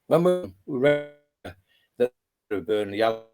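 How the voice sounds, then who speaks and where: A man's voice: medium pitch, animated, a little slow, loud music behind the voice. A man, a former footballer who reminisces in a rambling way, with restarts and chuckles, over a video call. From Tyneside, North East England. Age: 80s. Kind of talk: casual reminiscing interview.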